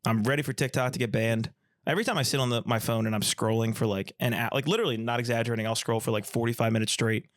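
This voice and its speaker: A man's voice: medium pitch, steady tone, fast talker, dry recording. A man co-hosting a comedy podcast, chatting casually and joking around in a dry studio sound. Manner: jokey, slips into mock accents. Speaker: podcast co-host.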